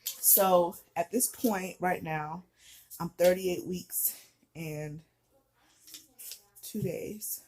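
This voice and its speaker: A woman's voice: on the low side, drawn-out words, pauses often, a little mellow, a little hiss or hum. A heavily pregnant young woman, out of breath, telling a personal story in a chatty, candid way full of fillers. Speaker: vlogger.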